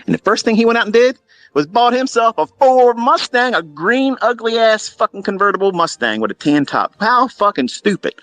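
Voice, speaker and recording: A man's voice: high-pitched, sing-song, normal speed, a bit bright. A middle-aged man telling a casual story to his audience in a blunt, profane, mocking way. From Maryland, USA. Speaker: trading educator.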